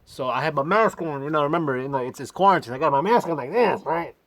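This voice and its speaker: An American man telling a casual, animated story to his livestream viewers, often adding "man" and "right?". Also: on the high side, fast talker, no echo. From United States. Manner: animated, chatty, fond of calling everyone "man". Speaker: English teacher and livestream host.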